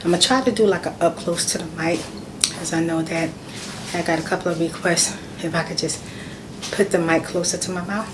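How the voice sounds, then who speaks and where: A woman vlogger chatting casually to her viewers in a relaxed, rambling way. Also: lowish voice, a little fast, noisy background. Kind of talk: casual vlog chat.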